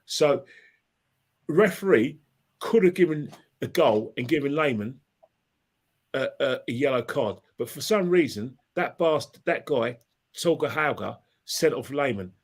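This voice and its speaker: A man's voice: mid-range voice, lively intonation, unhurried, husky. A man telling a long football story as a podcast guest, rambling and impassioned, with many restarts and repeated phrases. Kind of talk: casual anecdotal storytelling.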